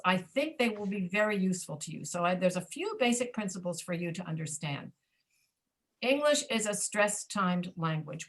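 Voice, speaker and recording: In a lowish voice, an American woman leads an online English pronunciation lesson. She goes over words again and again at a slow, patient pace to make the stressed syllables clear.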